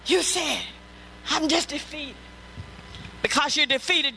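A woman's voice: high-pitched, slow pace, creaky, pauses often, sharp tone, a little hiss or hum, poor audio. A woman pastor delivering a sermon, emphatic and repetitive, breaking into calls of praise.

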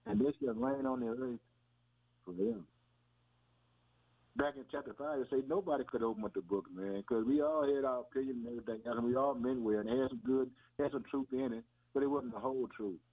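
In a mid-range voice with lively intonation, a man preaches a little quickly in an informal, folksy sermon. He keeps repeating himself and calling his audience "man" and "boy," all heard through tinny, phone-like radio sound.

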